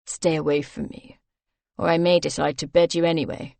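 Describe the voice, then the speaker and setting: A woman voicing a frustrated, surly gentleman who mutters and growls his words. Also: sits low, flat delivery, moderate pace, gravelly, no echo, pitched below the performer's own voice. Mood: growling.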